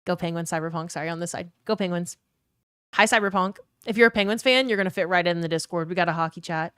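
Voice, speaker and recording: A woman's voice: lowish voice, fast, a bit bright, smooth, dry recording. Young woman streaming and talking to chat, neutral accent, drops the odd swear, dry close sound. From New Orleans, US South. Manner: chatty, reads chat aloud, swears casually. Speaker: live streamer. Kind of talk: casual chat with live viewers.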